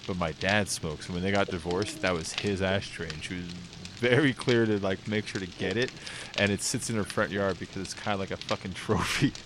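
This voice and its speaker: A man's voice: brisk, noisy background. A man hosting a casual stream chat, telling family stories and acting out the quotes with big jumps in his voice. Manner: animated storyteller, acts out quotes with big pitch jumps. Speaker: streamer host.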